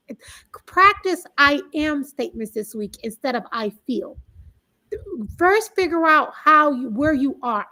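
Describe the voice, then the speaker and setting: A woman hosting a casual live wellness talk, speaking in an emphatic, animated way. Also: sits high, moderate pace. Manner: animated and emphatic, with rising outbursts.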